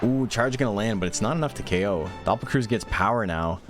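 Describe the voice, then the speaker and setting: A man giving casual play-by-play commentary on a monster-raising game tournament, chatting quickly and answering questions from chat. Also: fairly low pitch, lively intonation, soft background music.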